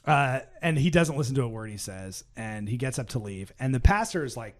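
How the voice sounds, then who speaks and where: A man co-hosting a podcast, spinning a long true story in casual chat. He is animated and full of asides, acting out the people he quotes, and he sinks his voice low and hushed when the story turns tense. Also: a little fast. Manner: animated, acts out quoted voices, frequent "like" and "right?". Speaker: podcast co-host telling a story. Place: podcast recording.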